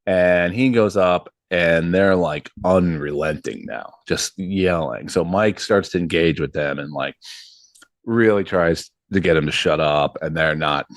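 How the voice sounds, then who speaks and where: A man in his thirties spins a rambling anecdote, full of fillers and bursts of acted-out quotes. His voice sits very low. It is recorded close and dry, with no room sound. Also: a little slow, dry recording. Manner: animated, acts out quotes, frequent ums and likes. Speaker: podcast host and comedy show MC. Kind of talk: casual storytelling.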